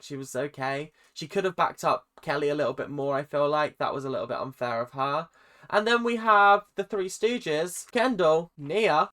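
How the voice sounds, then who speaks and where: Talking casually and with jokes directly to viewers, this British reaction vlog host has a medium-pitched, slightly bright voice.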